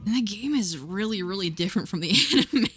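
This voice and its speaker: A woman's voice: medium pitch, animated, fast talker. A woman in her twenties rambling and giggling through a casual chat stream, swearing freely. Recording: clear music in background.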